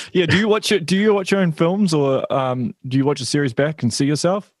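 A man's voice: on the high side, fairly quick, no room sound, studio quality. A man hosting a casual interview, asking questions in a friendly, encouraging way. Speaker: podcast host.

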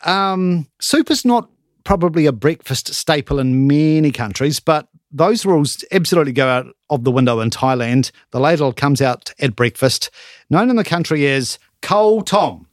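A man's voice: a little high, animated, moderate pace, dry recording, studio quality. A New man chatting casually as a co-host, laughing often. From New Zealand. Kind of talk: casual chat.

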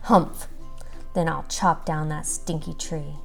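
Don Pepe, a mom voicing a cranky old mayor. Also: female voice, low voice, fairly even intonation, takes it slowly, faint music behind, voice pushed down, full character voice. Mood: grumpy. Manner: gruff, snapping, threatening. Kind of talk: storybook read-aloud.

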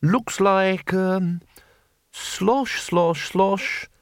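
A man's voice: high voice, extremely slow, no echo, clean studio sound, voice pushed up, exaggerated voice. A man voicing a blunt, blustering older wizard who stammers and halts. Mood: musing. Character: bluff, blustering older male wizard chancellor.

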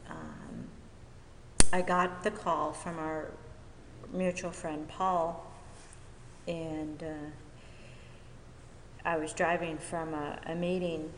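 A woman giving a personal testimony from a podium at a recovery meeting, talking haltingly with many fillers and restarts. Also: low-pitched, slight background noise. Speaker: speaker sharing at a recovery meeting. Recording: echoey hall with long reverb.

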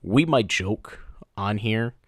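A man with a lowish voice co-hosts a casual podcast. He tells a personal story with animated energy and drops into playful voices along the way. The sound is dry and close to the mic. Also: takes it slowly, dry recording. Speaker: podcast co-host. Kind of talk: casual chat.

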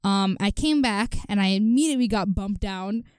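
A woman's voice: medium pitch, moderate pace, a little mellow, clean tone, no echo. A young woman co-hosting a podcast in casual chat, chatty with lots of "you know" and frequent laughs. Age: young adult. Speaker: podcast co-host.

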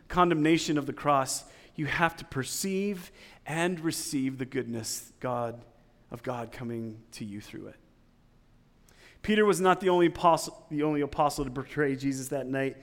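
A male pastor preaching a sermon, dropping to hushed, low passages and then building to loud, climbing peaks, repeating phrases for emphasis. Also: in a large hall.

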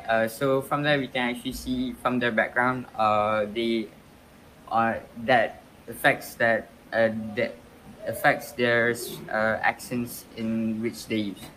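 A man's voice: medium pitch, level tone, slow, a bit bright, slight background noise, low-quality recording. A young man speaking as a podcast guest, answering questions with frequent fillers and restarts. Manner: hesitant, many "uh" fillers and restarts. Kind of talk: casual interview answers.

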